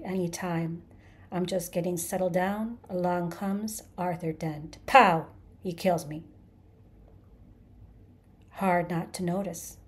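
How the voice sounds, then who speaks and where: Lady putting on a vengeful reincarnated creature guy, low menacing rumble, rasps, mellow tone, kinda low. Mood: furious. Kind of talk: audiobook character voice.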